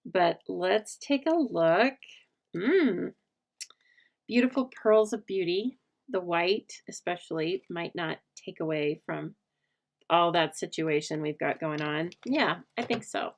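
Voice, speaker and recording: A woman's voice: lowish voice, lively intonation, slow. A middle-aged woman hosting a casual craft livestream, chatting with viewers in a rambling way and laughing often. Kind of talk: casual craft demo chat with live viewers.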